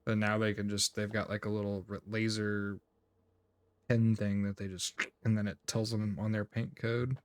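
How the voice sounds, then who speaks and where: A man's voice: on the low side, flat delivery, normal speed, clear, resonant tone, no echo. A man co-hosting a podcast in casual chat, giving short reactions and dry asides. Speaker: podcast co-host.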